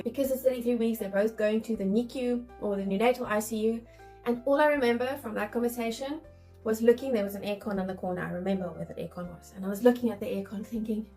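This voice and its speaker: This is a midwife in her thirties speaking casually to camera about her own birth, emotional and frank, performing the worried thoughts she had. Her voice leans high, and the audio quality is poor.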